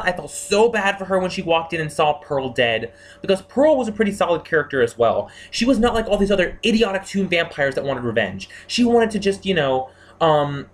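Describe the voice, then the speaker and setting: A man giving a casual spoken review of TV characters, excitable and gushing, full of fillers and restarts. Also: a little high. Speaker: TV series reviewer.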